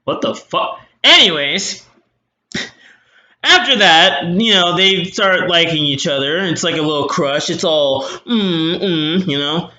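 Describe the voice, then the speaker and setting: Snarky bright-voiced young man. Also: a little high, expressive, slow pace, dull audio. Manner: snarky, rambling, many fillers. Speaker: movie reviewer. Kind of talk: sarcastic movie recap. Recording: roomy echo.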